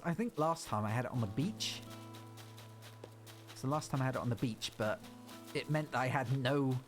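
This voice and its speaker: A male streamer giving casual commentary on his own game, chatty and rambling, often cutting himself off mid-thought. His voice is animated, swinging up and down a lot. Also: mid-range voice. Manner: chatty, rambling, self-interrupting.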